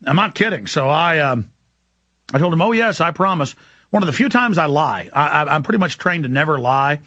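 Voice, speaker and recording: A man's voice: fairly high pitch, lively intonation, brisk, sharp tone, dry recording, highs cut off. A man hosting a radio talk show, rambling through an emphatic story in a monologue.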